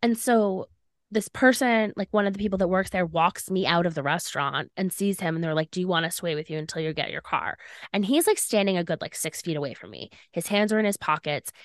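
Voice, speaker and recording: A young woman co-hosting a podcast speaks quickly in a lowish voice, recorded with clean studio quality and no echo. She tells a personal story casually and animatedly, filling it with "like" and acting out quoted lines.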